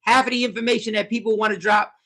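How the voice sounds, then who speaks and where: A man hosting a casual livestream, commenting on the news and reading viewers' comments aloud, animated and repetitive. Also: sits high, quick pace. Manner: animated, talks back to chat, repeats himself. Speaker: host.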